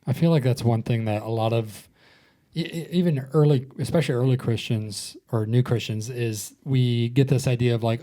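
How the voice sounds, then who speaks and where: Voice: mid-range voice, normal speed. Playful podcast host, reflective. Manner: warm, playful listener with lots of laughs and affirmations. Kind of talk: casual chat.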